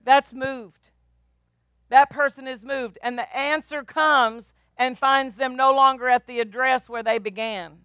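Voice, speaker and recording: Woman pastor, high bright voice, emphatic preaching with repeated calls for response. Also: steady tone, unhurried, clear, resonant tone, no echo. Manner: emphatic, repetitive, call-and-response. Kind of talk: sermon.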